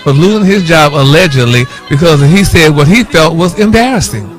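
Man, radio gossip host, flamboyant and sassy, high voice, music under him. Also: expressive, a little fast. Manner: flamboyant, sassy, calls everyone honey. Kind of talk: campy radio gossip segment.

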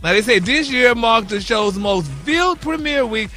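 A man's voice: very high-pitched, expressive, unhurried, pushed and bright, faint music behind. A man co-hosting a morning radio show, reading celebrity news in a sassy manner, calling everyone "honey" and "baby". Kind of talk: flamboyant gossip segment.

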